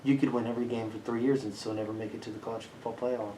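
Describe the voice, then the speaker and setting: A young man co-hosting a sports podcast, ranting loudly with plenty of swearing. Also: medium pitch, flat delivery, very fast, roomy sound, a little hiss or hum. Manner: brash, ranting, heavy swearing. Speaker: podcast co-host. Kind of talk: profane sports podcast banter.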